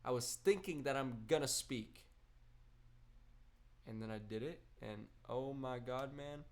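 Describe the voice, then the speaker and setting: Young male gaming streamer at mid pitch, casual and rambling, swears freely. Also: measured pace. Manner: rambling, laid-back storytelling with slang and swearing. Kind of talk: casual chat while gaming.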